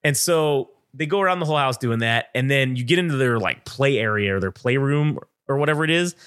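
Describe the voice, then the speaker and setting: A man's voice: medium pitch, animated, fairly quick, fairly bright tone, smooth. A man hosting a podcast, telling a story in casual chat, swearing freely and acting out what other people said. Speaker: podcast host.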